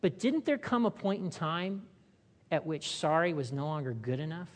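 Long hall reverb surrounds this woman pastor as she delivers her sermon like a conversation, quizzing the congregation and playing out little voices. She speaks at a normal speed in a deep voice with big pitch swings.

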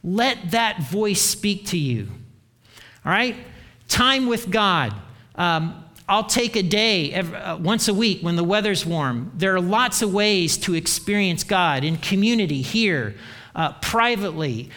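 A man preaching a sermon as pastor, earnest, often letting his voice sink low at the end of a key phrase. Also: animated, unhurried, pushed and bright. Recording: long reverb of a large hall.

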